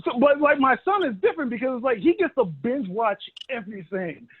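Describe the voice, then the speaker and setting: A man in his thirties doing a stand-up set, with a fairly high voice and a conversational, animated way of telling stories. He acts out the quotes in his anecdotes. The sound is thin and boxy, like a phone line, since his son is holding a phone to record him. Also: brisk, husky. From Dallas, Texas. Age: 30s. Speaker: stand-up comedian. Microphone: phone held by his son.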